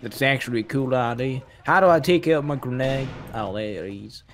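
A man joking and teasing his friends while playing an online shooter, with game noise behind him. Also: medium pitch. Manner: silly, teasing, slow drawled jokes. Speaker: gamer friend. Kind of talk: casual gaming banter. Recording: noisy game audio with gunfire behind.

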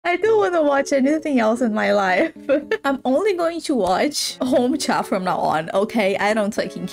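A woman hosting a casual reaction video, excitable, laughing often and swearing casually. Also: a little high, normal speed, creaky, soft background music.

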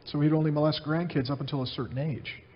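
A man preaching a sermon as pastor, telling stories in an animated way and repeating his phrases. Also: fairly high pitch, quick pace, muffled recording.

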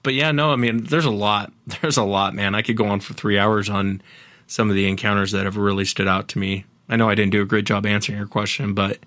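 A man's voice: on the low side, level tone, a little fast, fairly bright tone, dry recording. A man, a podcast host appearing as a guest, earnestly retelling other people's encounters at length in a casual interview.

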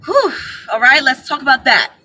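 A woman giving casual spiritual advice to her viewers, chatty and animated, calling them y'all, recorded on a camera mic. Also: sits high, normal speed, low-quality recording. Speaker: spiritual advisor.

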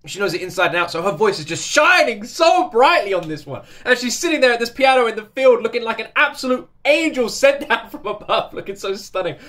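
A man's voice: very high-pitched, big pitch swings, a little fast, hardly any pauses, fairly bright tone. A British man hosting a music reaction video, gushing and effusive and often breaking into laughter. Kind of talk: reaction commentary. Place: seated indoors in his recording chair.

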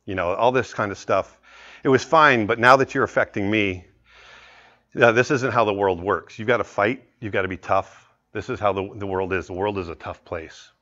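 A tough older elephant brother speaks low and stern, lecturing his sibling, as a man puts him on. The recording is dull and muffled. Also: moderate pace, pushed and bright.

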